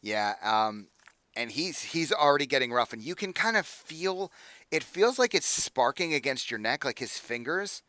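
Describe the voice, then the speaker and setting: A young adult man narrating as game master, casual and halting, with many fillers and restarts. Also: mid-range voice, expressive, bright, forceful tone, a little hiss or hum.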